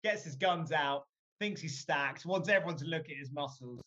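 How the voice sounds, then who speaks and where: A man speaking as a guest, telling a story in a lively, joking way and swearing casually. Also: a little high, moderate pace, highs cut off, a little hiss or hum.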